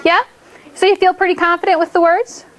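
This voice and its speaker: A woman's voice: very high-pitched, flat delivery, brisk. A woman teaching a class of children, upbeat and encouraging, who keeps checking in with the class as she explains. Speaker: elementary school teacher.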